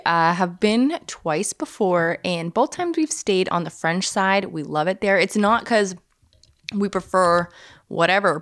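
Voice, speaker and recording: A woman, co-hosting a podcast in casual chat, talkative and quick to laugh. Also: lowish voice, no room sound, clean studio sound. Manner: chatty, laughs often, explains at length. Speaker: podcast co-host.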